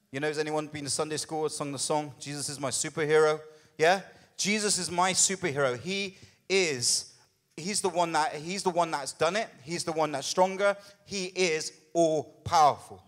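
A man preaching from the pulpit, his voice sitting a little high for a man. He talks in a chatty, animated way, keeps asking the congregation for agreement, and acts out small scenes as he goes. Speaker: lead pastor. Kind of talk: sermon.

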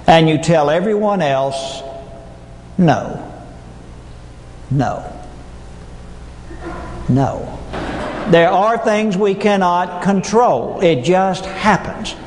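A man's voice: sits high, takes it slowly, hardly any pauses, a little hiss or hum. A middle-aged man, giving a humorous motivational keynote with folksy stories and punchlines. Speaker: motivational speaker. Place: large hall before an audience. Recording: echoey hall with long reverb.

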